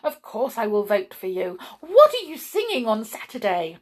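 A woman voicing an excitable, chatty male shopkeeper in a storybook reading, eager and effusive. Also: normal speed. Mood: excited. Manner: eager, effusive, high-pitched.

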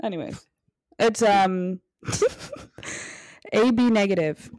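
A woman's voice: mid-range voice, slow pace, a little mellow, no room sound. Young female podcast co-host, playful crude banter, dry close mic. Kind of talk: casual chat.

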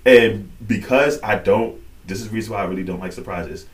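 A man's voice: on the low side, brisk. A man co-hosting a podcast, telling a weekend story in casual chat and acting out what people said. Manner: animated storytelling, acts out quotes. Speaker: podcast co-host.

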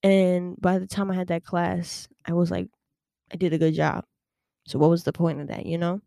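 A young woman talks casually on her podcast, chatty and animated with plenty of fillers and quick laughs. Her voice is dark and mellow with a gravelly edge, recorded close and dry. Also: on the low side, no echo. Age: young adult. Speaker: podcast host. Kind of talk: casual personal storytelling.

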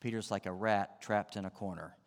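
Low-voiced preacher in a reverberant hall. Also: male voice, steady tone, fairly quick. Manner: dramatic, acts out the voices of the story. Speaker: pastor. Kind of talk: sermon.

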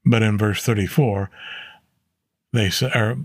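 A man's voice: lowish voice, fairly even intonation, a little slow, breathy edge, no room sound, studio quality. A man teaching a Bible chapter in a casual, earnest way, stopping to correct himself and using fillers. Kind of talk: casual Bible study talk.

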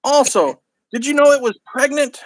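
A loud, crude, gluttonous brute, as a man reading a story puts him on, sneering insults in a high, tight voice. The sound is dry and close to the mic, with no room around it. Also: moderate pace, dry recording, low-quality recording. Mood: angry, sneering.

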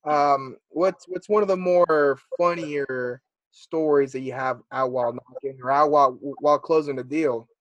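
A man's voice: fairly high pitch, steady tone, moderate pace, dry recording. A man hosting a casual podcast chat, laid-back, calling his guest dude. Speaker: podcast host.

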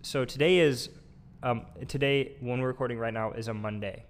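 A man's voice: mid-range voice, moderate pace. A young man co-hosting a podcast, laughing and self-deprecating in casual chat from the back of a gym. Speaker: podcast co-host.

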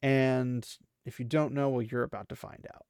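A man's voice: medium pitch, flat delivery, normal speed, gravelly, darkish tone, clear, resonant tone, dry recording, studio quality. A man hosting a podcast, reading a fantasy novel aloud and chatting about it in an earnest, self-deprecating way. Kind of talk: book reading with casual commentary.

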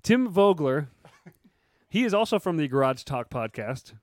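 A man's voice: on the high side, big pitch swings, unhurried, no room sound, clean studio sound. A man hosting a casual podcast, joking around and reading listener questions aloud. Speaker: podcast host.

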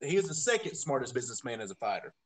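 A man's voice: medium pitch, big pitch swings, very fast. A man, co-hosting a podcast and telling a story in casual, profane chat with a lot of laughter. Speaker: podcast co-host.

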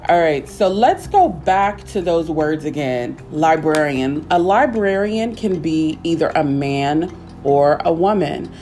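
A woman teaching a simple English lesson, speaking patiently and repeating words slowly for learners. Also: low voice, animated, dark tone, faint music behind. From United States.

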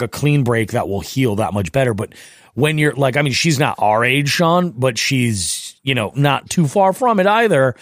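Relaxed middle-aged man, rambling chat. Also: medium pitch, no echo, clean studio sound. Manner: relaxed, rambling, easy agreement. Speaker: podcast co-host. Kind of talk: casual chat.

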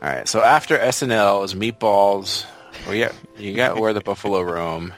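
A man's voice: fairly low pitch, lively intonation, moderate pace, soft background music. A man hosting a casual chat, leading with questions and rambling through lists.

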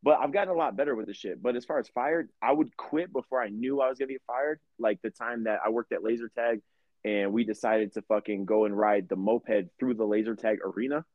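A man's voice: mid-range voice, brisk, no echo, phone-quality sound. A young man co-hosting a podcast, telling rambling, profane stories in casual chat. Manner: profane, rambling, animated storyteller. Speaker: podcast co-host.

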